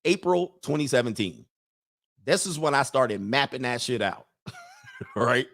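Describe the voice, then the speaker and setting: A man's voice: mid-range voice, expressive, a little slow, a bit bright. A man hosting a show of dating advice for men, talking in a blunt, preachy casual monologue and laughing at his own points. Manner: acts out other people's lines in put-on voices.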